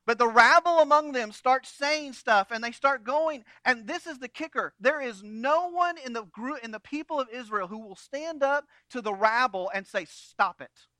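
A man preaching a sermon in a conversational, animated way, with humorous asides. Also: extremely high pitch, normal speed, few pauses, no room sound. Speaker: pastor.

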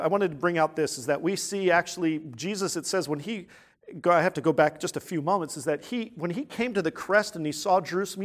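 A pastor with a high-pitched voice preaches a sermon earnestly, posing rhetorical questions. He swings between quiet, hushed points and loud, emphatic ones.

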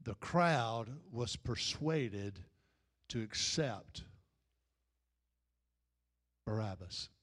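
Male preacher, mid-pitched, slow deliberate delivery, loud emphatic build-ups. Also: expressive, breathy edge. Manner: rises to loud emphatic peaks, then drops low and slow. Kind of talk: sermon.

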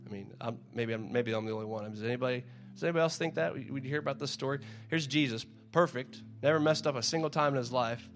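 A man's voice: medium pitch, quick pace, hardly any pauses, faint music behind. Conversational man preaching a casual sermon. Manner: conversational, repeats words, acts out crowd shouts. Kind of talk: casual sermon with scripture reading.

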